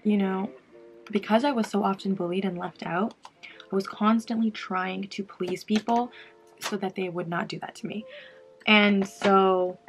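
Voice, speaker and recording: A woman's voice: mid-range voice, fairly even intonation, unhurried, soft background music. A young woman vlogger talking candidly about her past while doing her makeup, in a casual get-ready-with-me chat. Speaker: beauty vlogger.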